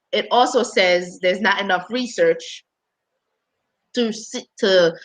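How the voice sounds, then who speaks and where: A woman with a slightly congested voice talks casually about her patients as a healthcare worker on a panel. Her pitch sits in the middle, and she often restarts sentences and fills pauses with "um.". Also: fairly bright tone, low-quality recording. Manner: conversational, with frequent restarts and fillers.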